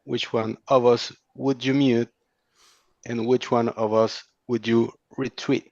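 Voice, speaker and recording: A man's voice: mid-range voice, little pitch movement, slow, a little mellow, dry recording, lo-fi sound. A man putting on a hammy Australian accent, playing a mock-formal host who keeps saying mate. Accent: put-on Australian. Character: jokey Australian bloke host, says mate constantly. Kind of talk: casual livestream banter.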